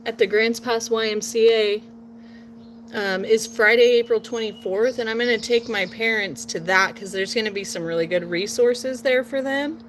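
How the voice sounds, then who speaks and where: A woman's voice: a little high, a little hiss or hum, rough recording. Rambling woman in her thirties, folksy. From Portland, Oregon. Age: 30s. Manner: rambling, folksy, drifts into a playful southern drawl. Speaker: vlogger. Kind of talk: casual chat while crafting. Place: outdoors at home. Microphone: phone nearby.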